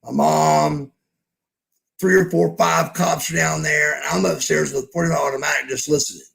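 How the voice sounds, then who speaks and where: A man's voice: fairly high pitch, steady tone, moderate pace, gravelly, a bit bright. A man telling a story as a podcast guest in a blunt, profane way, acting out the lines of the people in it. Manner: profane, blunt, acts out quoted dialogue. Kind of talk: casual storytelling.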